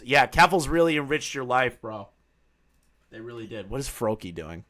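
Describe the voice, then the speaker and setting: A man commenting casually on a live stream, excitable and mocking, with bursts of shouting. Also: medium pitch, normal speed.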